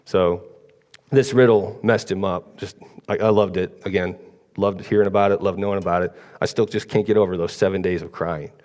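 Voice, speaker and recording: A man's voice: sits low, steady tone, fairly quick, a little mellow, in a large hall. A man giving a casual, rambling sermon, often checking in with listeners. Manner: chatty, rambling, asks the congregation "right?" often. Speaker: preacher. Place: church hall.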